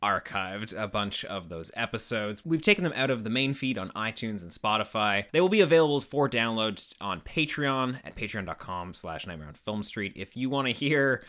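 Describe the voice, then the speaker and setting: A man's voice: fairly low pitch, animated, moderate pace, few pauses, pushed and bright. A young adult man co-hosting a podcast, easygoing and enthusiastic in casual chat. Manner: enthusiastic, easygoing, trails off in restarts. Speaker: podcast co-host.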